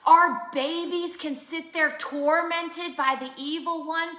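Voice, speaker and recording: Woman, 30s, live faith-chat co-host, emphatic and earnest, bright voice, echo in the room. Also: extremely high pitch, fairly even intonation, slow pace. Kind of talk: casual live conversation. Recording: roomy echo.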